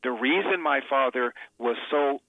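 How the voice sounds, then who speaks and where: A man's voice: mid-range voice, a little slow, no echo. A male radio host telling an emotional personal story in an interview, with emphatic repetitions. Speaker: radio host and author, guest. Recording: tinny phone line, dry.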